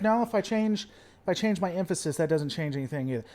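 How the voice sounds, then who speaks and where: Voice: medium pitch, fast talker, a little mellow. This is a livestream host in casual chat, answering viewers from the comments. The delivery is playful and theatrical, full of repeated stalling phrases.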